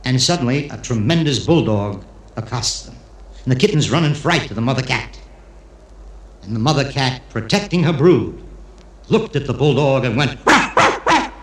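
A man with a medium-pitched voice and lively intonation does stand-up for a live audience at a moderate pace. He tells stories laced with Yiddish phrasing and slips into character voices. The room is echoey, with faint background noise.

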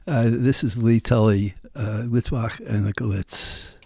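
Gravelly, hesitant male radio host. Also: fairly low pitch, steady tone, measured pace, dark tone, no echo. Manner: hesitant, full of "uh"s, amused. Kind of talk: casual radio chat.

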